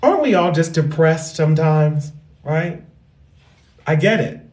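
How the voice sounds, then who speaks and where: A woman comedian talking loudly and animatedly in a casual, profane monologue into a microphone. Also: low voice, expressive, measured pace. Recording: roomy echo with faint music.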